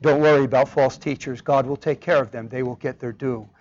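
A man's voice: medium pitch, fairly even intonation, a little fast, a little mellow. Emphatic man preaching, dull lo-fi sound. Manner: emphatic, asks rhetorical questions. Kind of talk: sermon. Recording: dull lo-fi recording.

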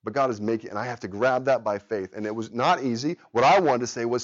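Talking fast with few pauses in a mid-range voice, a man in his thirties leads an adult Sunday school class on a lo-fi recording. Despite being tired from a sleepless night, he's earnest and conversational, and his storytelling turns animated.

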